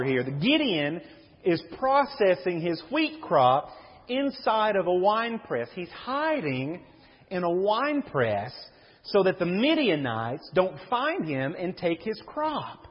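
A man's voice: sits high, wildly swooping pitch, measured pace, husky. A man preaching a sermon as a pastor, reading scripture aloud and explaining it to the congregation. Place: church sanctuary. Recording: dull recording in a reverberant hall.

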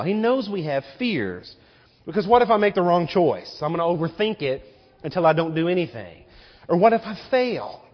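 Animated preaching man in a reverberant church. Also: sits high. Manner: animated preaching with rhetorical questions. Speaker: pastor. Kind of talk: sermon. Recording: muffled recording with long hall reverb.

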